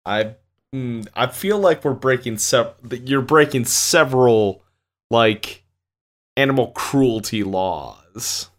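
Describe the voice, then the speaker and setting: A man's voice: mid-range voice, lively intonation, slow. A man from Canada co-hosting a podcast, chatting casually and rambling with lots of fillers. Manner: laid-back, rambling with many fillers. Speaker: podcast co-host. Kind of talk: casual chat.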